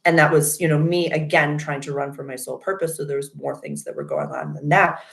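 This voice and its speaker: A young woman with a Boston accent hosting a casual astrology chat, rambling and animated as she tells stories and answers viewers. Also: low voice, a little fast, gravelly. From Massachusetts. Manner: rambling, animated storytelling with loud acted outbursts. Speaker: livestream host reading chat.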